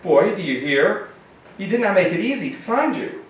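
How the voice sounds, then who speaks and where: A menacing macho man in black leather who speaks in a startlingly high, prissy voice, as a man reads him aloud. He is stern and commanding, and it sounds like a reading in an echoey room caught from a distance. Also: big pitch swings, normal speed. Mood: mean prissy. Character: grim leather-clad adult man, mean, with a high effeminate voice.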